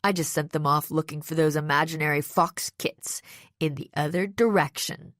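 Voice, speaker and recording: In an audiobook, a woman voices a smug young male villain, sneering with sarcasm and mockery. Her voice is low and a bit bright at normal speed, recorded dry with clean studio sound.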